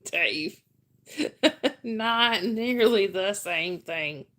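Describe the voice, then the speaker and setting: A woman's voice: medium pitch, extremely slow, fairly bright tone. A middle-aged woman hosting a casual livestream, telling rambling stories and reading chat names aloud.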